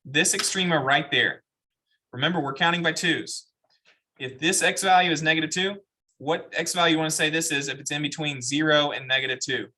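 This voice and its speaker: A man's voice: a little high, brisk, pushed and bright. A man teaching a math class, explaining step by step and asking the students questions. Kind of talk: classroom lecture.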